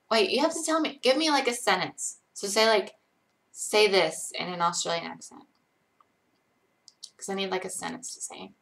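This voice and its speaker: A woman's voice: mid-range voice, moderate pace, creaky, long pauses, fairly bright tone. A tired young woman chatting casually on a live stream, rambling and self-deprecating as she reads chat aloud.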